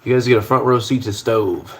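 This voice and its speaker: A man's voice: mid-range voice, steady tone, moderate pace, slight background noise. A young man hosting a casual livestream from his kitchen at the stove, rambling in a laid-back way and swearing casually. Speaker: livestream host.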